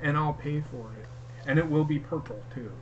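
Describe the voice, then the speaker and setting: A man co-hosting a casual podcast, talking in a profane, excitable, rambling way. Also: on the high side, a little fast, muffled recording, a crowd in the background. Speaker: podcast co-host. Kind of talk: casual chat.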